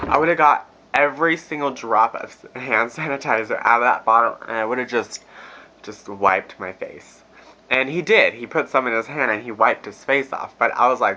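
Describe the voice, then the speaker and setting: A man's voice: medium pitch, expressive, moderate pace, pushed and bright, dull audio. A young man telling a crude story to his viewers in a casual, profane, laughing rant. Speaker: vlogger. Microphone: phone camera.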